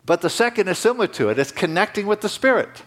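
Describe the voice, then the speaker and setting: A man preaching a sermon to his congregation in a conversational way, rising in pitch and emphasis at key points. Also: big pitch swings, fast talker, a bit bright. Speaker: pastor.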